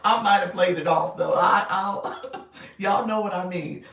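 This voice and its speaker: A woman's voice: mid-range voice, unhurried, a bit bright. A woman hosting a casual livestream, chatting with viewers, reading out their comments and laughing often. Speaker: livestream host and coach. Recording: echoey room, distant mic.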